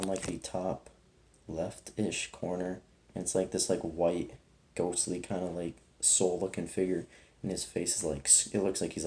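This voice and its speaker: Young man, very low pitch, mellow dark tone, rambling, earnest, filler-heavy, faint hiss behind. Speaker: vlogger telling a personal testimony. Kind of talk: casual spoken testimony.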